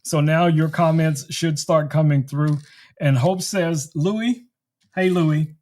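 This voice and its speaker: A man's voice: fairly high pitch, slow pace, a little mellow. A man hosting a casual tech live stream, chatting, laughing often and demoing a gadget.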